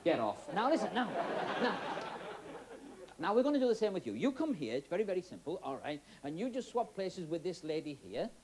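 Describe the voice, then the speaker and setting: Yorkshire guy doing magic patter on a tv stage, high voice, jokey with the crowd, bit of hiss on the old tape. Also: big pitch swings, a little fast. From Yorkshire, England. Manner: chatty, teasing, joking with volunteers. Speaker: magician host. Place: TV studio stage with audience. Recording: old TV broadcast with faint hiss.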